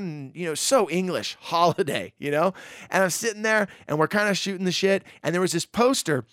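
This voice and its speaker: A man telling a personal story in a casual, animated way, acting out quotes and using lots of fillers. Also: sits high, a little fast, smooth, dry recording, clean studio sound.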